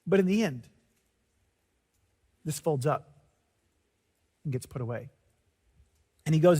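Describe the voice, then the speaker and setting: A man preaching a sermon as pastor, telling a parable as a lively story and acting out the characters' lines. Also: fairly high pitch, takes it slowly, pauses often, slightly rough, in a large hall.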